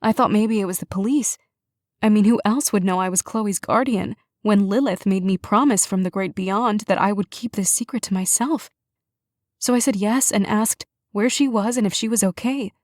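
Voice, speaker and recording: A woman voicing a soft, quavering grieving aunt. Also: medium pitch, no echo, studio quality, natural voice. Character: grieving middle-aged woman, sister's guardian. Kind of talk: audiobook character reading.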